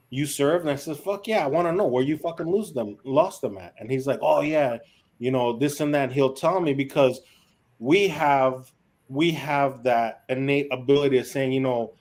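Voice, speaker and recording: A man's voice: medium pitch, darkish tone. Blunt, profane veteran man telling stories. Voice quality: profane, blunt, acts out quoted dialogue. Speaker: military veteran guest. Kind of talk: casual storytelling on a podcast.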